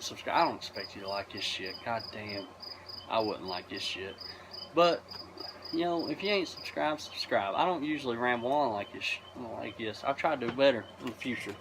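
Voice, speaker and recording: A man rambles to his viewers with plenty of swearing while he grills outside. His voice sits at an ordinary middle pitch. Crickets and insects buzz loudly all around him. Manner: loose, profane, rambling. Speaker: vlogger. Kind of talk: casual rambling chat to camera. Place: outdoors by a grill at night. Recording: loud insect and cricket noise outdoors.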